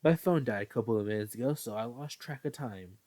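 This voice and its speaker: A man voicing a gaunt grown hero who gently lectures, close to his own mellow voice. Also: medium pitch, brisk, natural voice. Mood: lecturing. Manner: gently scolding.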